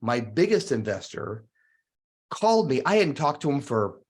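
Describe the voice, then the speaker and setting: A man's voice: mid-range voice, moderate pace, slightly rough. A middle-aged man telling stories as a guest in a podcast interview, acting out the dialogue he recalls. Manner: animated storyteller, acts out quoted dialogue. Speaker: guest real estate investor.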